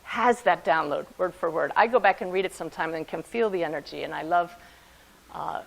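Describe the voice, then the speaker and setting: Woman medium talking to a crowd, lowish gravelly voice, earnest and keen. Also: a little fast, poor audio. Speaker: spiritual medium giving a talk. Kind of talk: talk to an audience.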